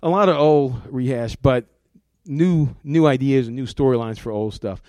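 A man's voice: medium pitch, normal speed, darkish tone, no echo. A middle-aged man, a comics art director, talking casually in an interview, rambling and repeating words, laughing often.

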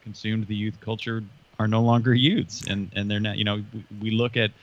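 A man's low voice comes through a dull, lo-fi recording. He talks with a dry, sarcastic edge and fills his sentences with ums and you knows. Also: level tone, normal speed. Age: 40s. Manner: dryly sarcastic, lots of fillers. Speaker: podcast co-host. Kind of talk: casual discussion. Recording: dull lo-fi sound.

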